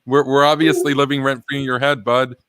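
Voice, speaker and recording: A man hosting a live political stream, talking casually and reading chat aloud. He is animated and laughs often. His voice sits at a middle pitch and sounds dry and close. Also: brisk, smooth, no room sound.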